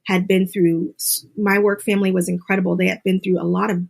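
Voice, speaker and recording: A middle-aged woman talks through a hard chapter of her life as a guest in an interview. Her voice sits in a middle register, and she tells her story earnestly. Now and then she jumps up high to mimic the people she met. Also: level tone, fairly quick, gravelly. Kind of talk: interview conversation.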